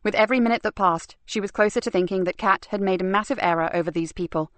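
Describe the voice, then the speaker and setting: A woman's voice: mid-range voice, quick pace, no echo. Woman narrating a crime audiobook, dry sound. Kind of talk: scripted narration.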